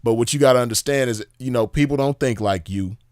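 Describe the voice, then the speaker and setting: A man's voice: mid-range voice, quick pace, darkish tone, clear, resonant tone, no echo, studio quality. A man giving casual, emphatic commentary, repeating himself, swearing and firing off rhetorical questions. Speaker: commentator reviewing drama.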